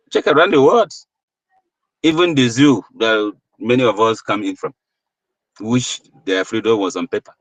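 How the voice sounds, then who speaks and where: A man's voice: mid-range voice, no room sound, rough recording. A Nigerian man giving an impassioned, preachy political monologue, full of rhetorical questions. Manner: preachy, rhetorical, rising to emphatic peaks. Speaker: political commentator.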